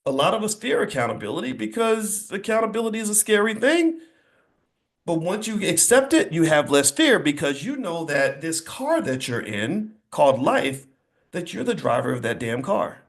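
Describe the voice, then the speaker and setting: A man gives an emphatic, preachy motivational talk to an audience indoors. His voice sits a little higher than most men's, and he hammers his points home by repeating them. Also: sing-song, normal speed. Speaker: finance speaker. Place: indoor event space before an audience.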